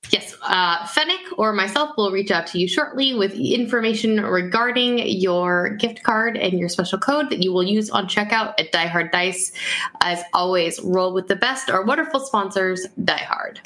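A woman's voice: medium pitch, moderate pace, sharp tone. A woman hosting a tabletop role-play podcast, reading sponsor messages in an upbeat, chatty way. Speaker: host.

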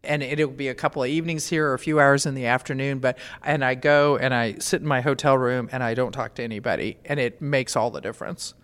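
With an extremely low voice, this middle-aged veterinarian talks fast and barely pauses as she answers interview questions. Her manner is plain and matter-of-fact, and the audio carries long reverb.

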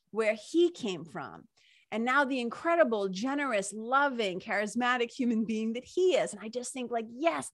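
Her voice sits on the high side as she recounts a personal story, captured studio-clean without echo. The monologue is casual and emotional, packed with "like" and "you know," punctuated by laughter, and she sounds near tears.

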